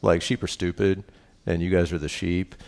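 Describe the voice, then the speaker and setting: A middle-aged pastor with a fairly low voice delivers a sermon. He reads verses and then talks them through in an easy, conversational way. He keeps asking "right?" and makes light of himself. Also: fairly even intonation, normal speed, gravelly, a little mellow. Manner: conversational preaching with tag questions and self-deprecating humor.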